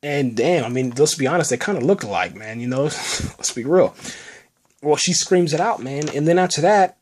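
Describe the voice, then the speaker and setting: A man hosting a podcast, recapping a TV episode in a loose, excitable way, tossing in "man" and "you know" all the time. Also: on the high side, normal speed. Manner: rambling, says "man" and "you know" constantly; excitable, enthusiastic about the show. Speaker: podcast host reviewing a TV episode. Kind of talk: casual spoken recap.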